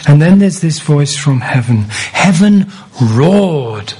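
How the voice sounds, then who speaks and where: A male preacher delivers his sermon at an unhurried, measured pace, lingering on words and stacking phrases for weight. His voice sits a little high for a man and carries a husky, breathy grain. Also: animated, dark tone, poor audio. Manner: deliberate, repeats key phrases for emphasis.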